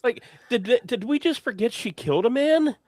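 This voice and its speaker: High-voiced, profane man. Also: expressive, normal speed, no echo. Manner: profane, mocking, laughs often. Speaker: podcast co-host. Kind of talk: casual film review chat.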